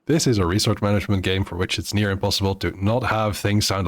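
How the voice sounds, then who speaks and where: A man chatting to viewers on a live game stream, halting often with fillers and restarts. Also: low voice, steady tone. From Netherlands. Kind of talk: live gameplay stream chat.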